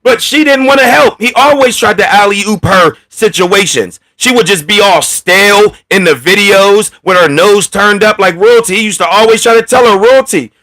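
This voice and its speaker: A man hosting a casual commentary rant, blunt and profane, talking with animated energy. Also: sits high, moderate pace, hardly any pauses. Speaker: commentary channel host.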